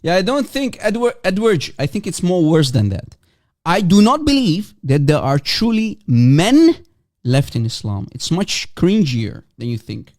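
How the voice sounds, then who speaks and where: A man's voice: high voice, big pitch swings, measured pace, darkish tone. A man hosting a casual livestream, mocking and provocative, teasing and repeating himself as he calls for guests. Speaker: livestream host.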